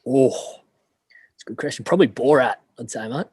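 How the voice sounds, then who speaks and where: A man's voice: mid-range voice, a little fast, a little mellow, breathy edge, no room sound. A man in his twenties with an Australian accent, a former college punter chatting easily as an interview guest and calling the host "mate". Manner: easygoing, ends sentences with "mate". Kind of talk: casual interview.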